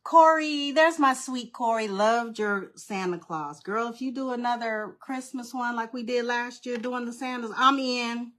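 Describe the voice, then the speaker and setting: A woman's voice: on the high side, unhurried, hardly any pauses, fairly bright tone. A woman hosting a live craft stream, chatting casually with viewers and greeting them by name. She talks in an informal, nervous-but-friendly way. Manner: informal, uses "y'all" and "girl". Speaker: craft livestream host.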